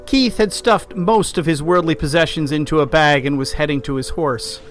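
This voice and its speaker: A man narrating a scripted story in a steady, even-paced reading. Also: fairly high pitch, moderate pace, soft background music.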